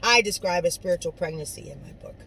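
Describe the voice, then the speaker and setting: A woman speaks straight to her listeners in an inspirational pep talk. She talks in a preachy, conversational way, dropping into quiet asides and then rising into loud, emphatic lines. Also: fairly low pitch, animated, fast, creaky, slight background noise, rough recording. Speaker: motivational speaker. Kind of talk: inspirational monologue to camera.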